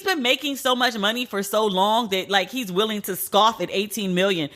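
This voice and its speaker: A woman hosts a solo podcast, telling stories and venting in a blunt, profane, animated way. She speaks at a medium pitch and a moderate pace, with few pauses.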